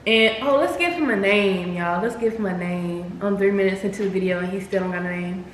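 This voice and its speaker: A young adult woman with a brisk, mid-range voice chats through a casual storytime for her viewers, using plenty of slang and often calling them "y'all." The room is echoey with faint noise.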